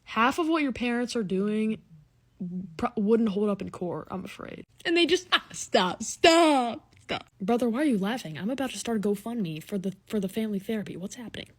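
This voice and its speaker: A woman's voice: mid-range voice, lively intonation, brisk, breathy edge. A young adult woman delivering rambling, exasperated comedic rants straight to camera, full of "like" and restarts. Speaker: comedy video creator.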